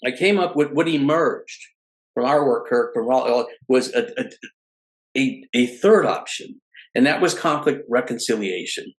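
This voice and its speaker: A man's voice: mid-range voice, unhurried, poor audio. A middle-aged man, a podcast guest, telling stories in casual conversation, often restarting his phrases. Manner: animated storyteller who restarts phrases often.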